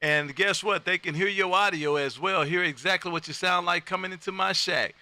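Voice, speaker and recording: Loud folksy guy calling cq from his radio room, high bright voice, totally dry sound. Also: normal speed, no room sound. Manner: loud, hearty, repeats phrases, folksy. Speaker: ham radio operator and live-stream host. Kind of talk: calling CQ and chatting with contacts.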